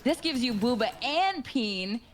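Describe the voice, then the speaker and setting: A woman guest in casual chat, low-key, mostly giving short agreeing replies. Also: expressive, measured pace, crowd noise.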